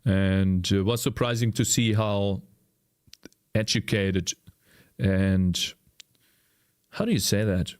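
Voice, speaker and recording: Rambling German-accented streamer, lowish voice. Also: male voice, steady tone, slow, pauses often, clear, resonant tone. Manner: rambling, searches for English words, chats with viewers. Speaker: streamer and indie game developer. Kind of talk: casual live-stream chat while coding.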